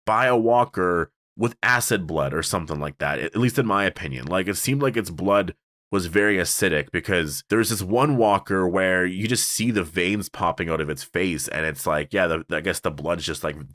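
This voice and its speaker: Casting: low-voiced male show reviewer, chatty and rambling, dry close mic. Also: fairly bright tone, no echo. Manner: rambling, many fillers and restarts. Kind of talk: casual solo review.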